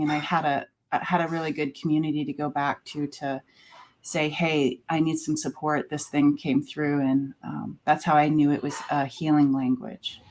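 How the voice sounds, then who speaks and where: A woman with a somewhat low voice recounts a personal experience as a show guest. She pauses often on fillers as she talks and picks her words slowly. Her delivery is conversational and unscripted. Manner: halting, many filler pauses.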